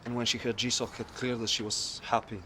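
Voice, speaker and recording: An actor with an Irish accent playing a stern, reproachful police officer in a TV crime drama. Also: male voice, mid-range voice, little pitch movement, a little fast, pushed and bright, slight background noise, lightly acted.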